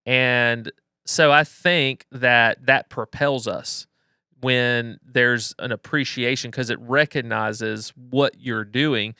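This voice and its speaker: A man co-hosting a podcast, talking through his points in a reflective, measured way with frequent restarts. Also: mid-range voice, steady tone, pushed and bright, smooth, no echo, clean studio sound. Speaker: podcast co-host. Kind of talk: casual conversational podcast.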